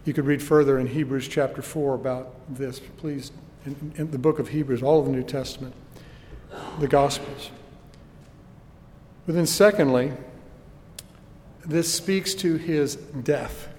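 A man's voice: mid-range voice, unhurried, darkish tone, long reverb tail, slight background noise. A man preaching a sermon with earnest emphasis and rhetorical questions, recorded in a church.

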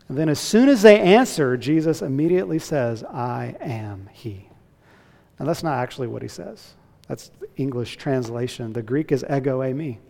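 A man's voice: mid-range voice, vocal fry, dark tone. A man preaching an emphatic expository sermon as pastor, voice rising for emphasis. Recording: hall with long reverb.

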